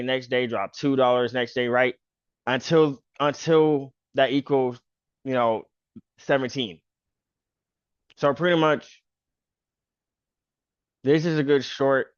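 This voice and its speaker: A man's voice: mid-range voice, no echo, highs cut off. A man hosting a casual stock chart walkthrough, talking loosely with lots of fillers like "pretty much" and "bro". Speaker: stock trader and channel host.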